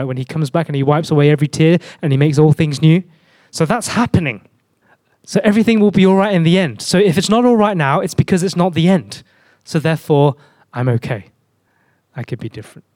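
A man's voice: on the high side, a little mellow, dry recording. A man preaching a sermon in a conversational way, full of rhetorical questions.

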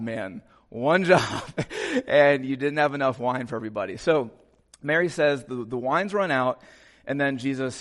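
Man, pastor, conversational sermon, asides to the congregation, church sanctuary, medium pitch.

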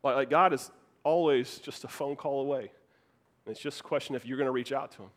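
A man preaching a sermon, getting animated and emphatic, repeating key phrases as he builds up his points. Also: mid-range voice, a little fast. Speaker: pastor.

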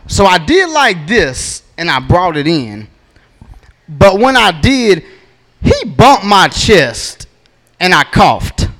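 A man's voice: sits high, big pitch swings, takes it slowly, a bit bright. A man, doing a stand-up comedy set in a laid-back, drawling storytelling manner with punchy asides, on a handheld stage mic.

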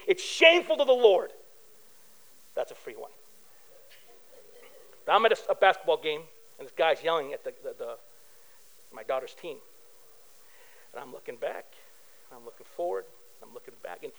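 A man's voice: extremely high pitch, low-quality recording. A middle-aged male pastor preaching a sermon in a casual, conversational way, telling personal stories and acting out quoted voices. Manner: animated, acts out quoted voices.

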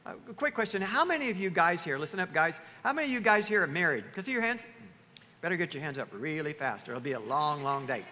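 A man preaching a sermon to his church, animated, often acting out the voices of the people he quotes. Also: on the high side, quick pace. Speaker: pastor. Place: church sanctuary. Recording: reverberant hall, faint ambience.

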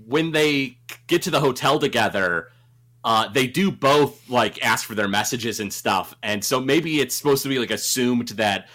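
A man's voice: mid-range voice, normal speed, bright, forceful tone. A man co-hosting a casual movie chat, talking hesitantly with many fillers.

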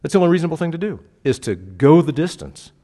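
A male pastor preaching a sermon, moving between hushed reflection and rising fervent exhortation. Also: fairly high pitch, very animated, fast talker. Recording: long hall reverb.

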